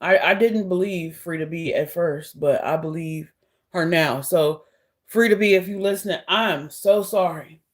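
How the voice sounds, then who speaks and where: Slow-talking woman, blunt and sarcastic. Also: on the low side. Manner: heated, blunt, sarcastic, with mocking impressions. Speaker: vlogger. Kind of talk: casual monologue to camera.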